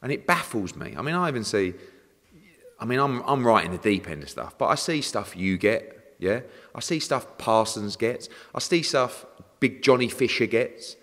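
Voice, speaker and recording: A man, a boxing promoter talking in a casual interview, animated and swearing freely as he rants. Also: mid-range voice, normal speed. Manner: animated, swearing, ranting with acted-out exchanges. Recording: long reverb.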